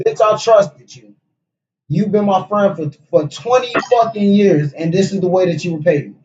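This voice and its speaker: A man voicing a furious, betrayed middle-aged wife who yells and cusses slowly while reading a story aloud. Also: high-pitched, roomy sound, close to an everyday voice. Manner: screaming, slow and spiteful. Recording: dull lo-fi stream audio.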